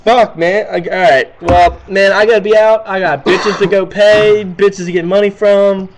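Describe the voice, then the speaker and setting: A man's voice: high-pitched, steady tone, normal speed, slight background noise, natural voice. A young man doing a comic impression of a boastful, crude amateur rapper who swaggers and plugs himself. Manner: swaggering, crude, self-promoting.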